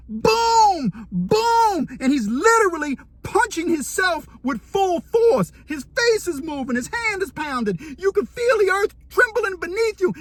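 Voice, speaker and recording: A man telling a story about his time in prison, animated and dramatic, acting out what he saw. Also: very high-pitched, dry recording. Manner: animated, vivid, dramatic retelling. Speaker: storyteller, former inmate. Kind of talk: casual storytelling to camera.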